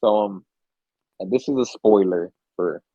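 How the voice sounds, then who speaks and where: A young man hosting a casual podcast, his voice husky and a little breathy. He tells stories with animated energy, swearing freely and acting out the screams and gasps. The sound is dry and a bit dull, like a cheap mic. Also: fairly low pitch, measured pace, dry recording. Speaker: podcast co-host. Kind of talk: casual chat.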